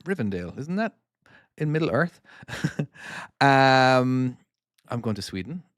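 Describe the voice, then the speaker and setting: A man's voice: mid-range voice, big pitch swings, measured pace, fairly bright tone, no echo, studio quality. Chatty man streaming his game. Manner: chatty, easily distracted, reads comments aloud. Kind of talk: casual live-stream chat while playing.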